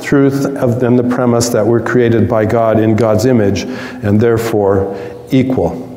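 A man's voice: mid-range voice, dark tone, echoey room, in a large hall, low-quality recording. A man preaching a sermon as a pastor, conversational, with asides to the congregation.

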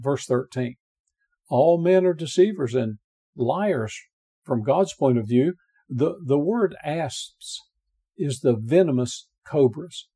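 A man preaching a verse-by-verse Bible sermon, reading scripture aloud and hammering home key words with earnest repetition, with frequent pauses and restarts. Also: fairly high pitch, gravelly, mellow, husky. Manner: earnest, reads scripture aloud and stresses single words by repeating them; halting, with frequent uh fillers and restarts.

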